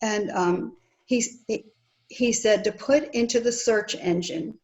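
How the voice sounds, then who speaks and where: A middle-aged woman sharing a personal faith testimony in conversation, earnest and lively, acting out remembered dialogue. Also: fairly high pitch, slow pace. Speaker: guest sharing her testimony. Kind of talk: conversational storytelling.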